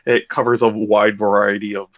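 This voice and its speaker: A man's voice: on the low side, level tone, moderate pace, dry recording. A man hosting a podcast in a loose, rambling casual chat, swearing freely as he explains things. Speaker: podcast host. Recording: dull lo-fi sound.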